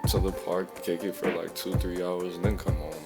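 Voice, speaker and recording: A young man tells a story in a low voice, in a loose, animated and slangy way, with loud music playing under him. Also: moderate pace, gravelly. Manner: animated, slangy, keeps saying "bro". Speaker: vlogger. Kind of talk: casual storytime monologue.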